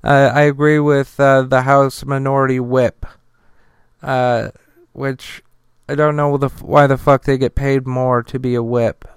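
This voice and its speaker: Brief: male podcast host, slow and halting, very clear, dry close sound, swears in his asides. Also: medium pitch, flat delivery, dry recording. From Utah. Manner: reads news quotes, then breaks into profane outraged asides; halting, with many uh fillers and repeated words. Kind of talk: casual news commentary.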